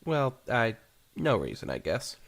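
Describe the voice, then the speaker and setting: A man's voice: mid-range voice, wildly swooping pitch, a little slow, gravelly, full character voice. A man voicing an eager, nervous young female pony princess who sounds earnest and a bit flustered.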